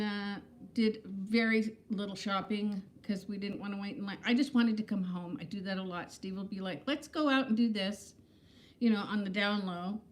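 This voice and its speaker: A woman in her fifties, chatting candidly and self-deprecatingly to viewers on a casual livestream from her home, greeting them by name. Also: mid-range voice. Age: 50s. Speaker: livestream host. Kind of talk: casual live-stream chat.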